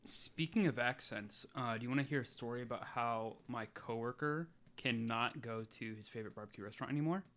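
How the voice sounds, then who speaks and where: A man's voice: mid-range voice, brisk, few pauses, a bit bright. A man co-hosting a podcast, chatting casually and telling a story with jokes. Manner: joking storyteller, laughs at his own stories. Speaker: podcast co-host. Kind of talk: casual chat.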